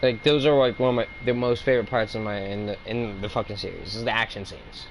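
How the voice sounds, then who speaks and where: A man's voice: fairly low pitch, fast talker, a little hiss or hum, poor audio. A man giving a heated, profane opinion rant as a video reviewer. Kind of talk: ranting opinion commentary.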